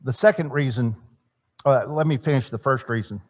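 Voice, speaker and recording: A man teaching a church marriage seminar in a sermon style, swinging between loud emphasis and quiet asides and asking his audience questions. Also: mid-range voice, moderate pace. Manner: chatty, asks the audience questions. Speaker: seminar speaker. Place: church hall.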